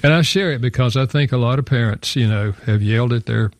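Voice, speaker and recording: A man's voice: medium pitch, fast talker, no echo. An older man, an author and guest, telling a personal story in an earnest, reflective way with small fillers. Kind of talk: personal storytelling in a radio interview.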